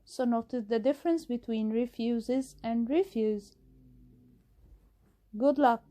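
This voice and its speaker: A woman with an Egyptian accent, teaching an English lesson on video and slowly reading out the exercise answers. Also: fairly high pitch, warm tone.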